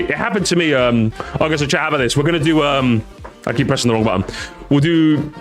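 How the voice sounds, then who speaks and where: A young streamer talks in a relaxed, joking way, full of animation, and every so often his voice shoots up into squeaky, high-pitched outbursts.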